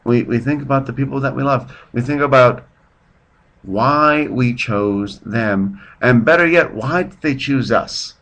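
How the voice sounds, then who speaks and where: A man's voice: mid-range voice, a little slow, a bit bright. Man, podcast host, rambling off-the-cuff monologue, self-deprecating jokes. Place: at home, drinking beer while his partner sleeps.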